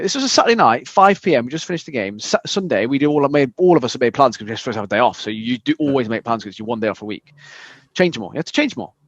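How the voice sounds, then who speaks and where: A quick-talking man co-hosting a casual podcast, frank and blunt, peppering his stories with swearing. His voice sounds dry and a touch dull, recorded close with no room echo. He rattles through his points at a brisk clip. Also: mid-range voice, a bit bright. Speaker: podcast co-host, fitness coach.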